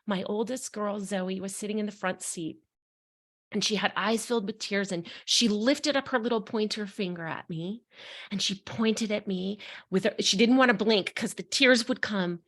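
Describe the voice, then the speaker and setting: A middle-aged woman speaks candidly in a conversational interview, her voice sitting at an ordinary middle pitch. She tells her story earnestly and frankly, letting real emotion show. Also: normal speed. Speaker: authenticity coach, guest.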